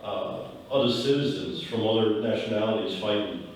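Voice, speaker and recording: A man's voice: fairly low pitch, moderate pace, creaky. A man on a panel speaking hesitantly, with many fillers. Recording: echoey hall from far off.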